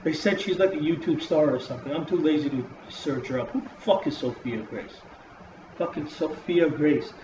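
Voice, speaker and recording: A man's voice: a little high, normal speed. A man casually reviewing a wrestling show in a vlog, swearing often and rambling with lots of fillers. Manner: profane, rambling, full of fillers. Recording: roomy dull lo-fi with hiss.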